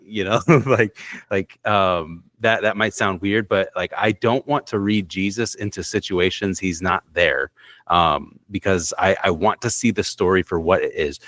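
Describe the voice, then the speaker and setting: A man's voice: low voice, measured pace, a bit bright, dry recording. A man co-hosting a Bible podcast, thinking aloud hesitantly with many repeated words and fillers. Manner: hesitant, repeats words, lots of likes and you knows. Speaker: podcast co-host. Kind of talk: casual podcast discussion.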